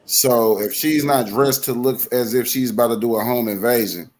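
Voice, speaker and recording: A man's voice: medium pitch, steady tone, normal speed, darkish tone. A man hosting a casual talk show, speculating aloud in conversational slang. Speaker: commentary show host. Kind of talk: casual chat.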